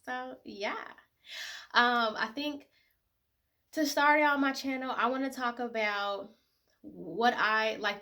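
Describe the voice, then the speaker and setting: Young woman in her 20s vlogging, bright voice, emotional, lots of likes and ums. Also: mid-range voice. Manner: emotional, tearful at times, many fillers. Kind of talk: casual personal talk to camera.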